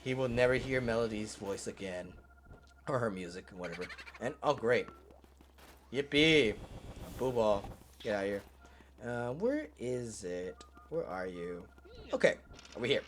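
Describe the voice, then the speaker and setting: A man's voice: mid-range voice, very animated, measured pace, long pauses, a little hiss or hum. A man giving casual gameplay commentary, rambling, swearing and laughing as he plays. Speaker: let's play host.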